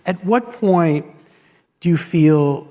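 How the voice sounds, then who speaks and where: A man's voice: fairly high pitch, lively intonation, slow, warm tone. Man asking questions in a big echoing hall. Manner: probing questions, hesitant, dry jokes. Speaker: interviewer, magazine editor. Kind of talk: live stage conversation.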